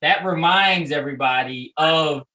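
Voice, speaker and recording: Male school leader, bright tone, chatty, explains with examples. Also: on the high side, a little slow, rough recording. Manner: conversational, many fillers and restarts, explains with examples. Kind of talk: casual leadership chat.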